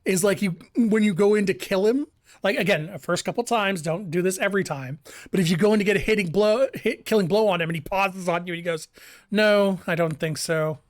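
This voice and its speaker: Talking fast, a game streamer rambles through live commentary, repeatedly restarting sentences and laughing. The voice is mid-pitched, and the close, dry recording has no room sound or echo.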